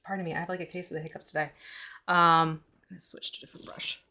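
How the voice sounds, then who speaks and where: Brief: woman, lowish voice, friendly paint tutor, giggly, explains in steps. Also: level tone, very fast, sharp tone. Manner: chatty, giggly, explains step by step. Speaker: mini painting instructor. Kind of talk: casual instructional chat.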